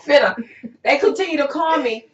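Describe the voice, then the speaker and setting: A woman hosting a casual interview as an herbalist, talking in a relaxed, drawn-out way with many fillers. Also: high voice. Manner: relaxed, drawn-out, with frequent "you know" and "um". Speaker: herbalist host. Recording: roomy, dull-sounding recording.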